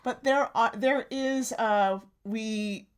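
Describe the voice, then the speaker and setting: A woman's voice: fairly high pitch, slow pace, clean tone. A woman in her forties co-hosting a casual podcast chat, playful and laughing often. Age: 40s. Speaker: podcast co-host.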